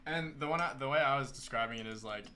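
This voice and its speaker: A man's voice: medium pitch, fast, pushed and bright, slight background noise. A man hosting a live building stream, chatting casually and enthusiastically.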